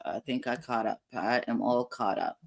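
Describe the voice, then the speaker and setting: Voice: mid-range voice, moderate pace, gravelly, noisy background. Livestream host, casual reaction commentary, chatty, rambling, talks to the chat.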